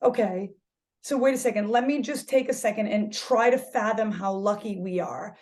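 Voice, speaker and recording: A woman yoga instructor talking candidly as a podcast guest, animated, swearing freely and restarting her sentences as she searches for words. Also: medium pitch, moderate pace. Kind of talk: casual podcast conversation.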